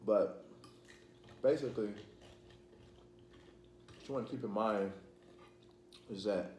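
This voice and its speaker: A vlog host, male, talks casually over his meal, wandering from thought to thought with many fillers. His lowish voice is slow and mellow; the room echoes, and faint noise sits in the background.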